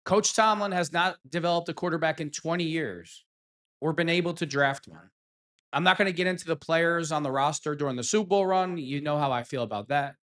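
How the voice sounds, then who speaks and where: A man's voice: a little high, brisk, fairly bright tone. A man hosting a fan reaction show, ranting heatedly and sarcastically at sports pundits. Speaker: sports commentary host.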